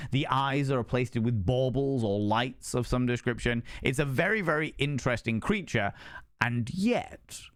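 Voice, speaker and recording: Man streaming live, mid-pitched, theatrical and chatty, close dry mic. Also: no room sound. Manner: flamboyant, theatrical greetings, swoops up high to welcome viewers. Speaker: livestream host. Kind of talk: casual livestream chat.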